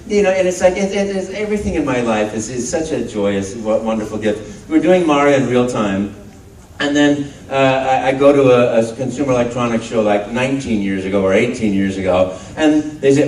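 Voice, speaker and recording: A man in his fifties speaks on a convention panel, animated and launching into loud cartoon voices before turning earnest and heartfelt when reflecting. His mid-range voice is brisk, with a little hiss or hum. It was captured far off on a handheld phone in the audience of a large, echoey convention hall.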